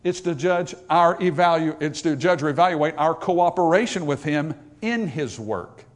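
Preaching with emphasis, this man climbs to loud, raised moments and falls back to soft asides, quoting scripture in old-fashioned phrasing. He has a fairly high, expressive voice and speaks at a normal speed.

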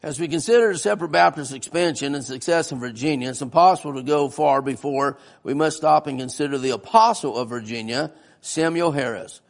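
A man's voice: a little high, fairly quick, creaky. A man preaching a sermon-style history lesson in a church, folksy and often asking the congregation questions.

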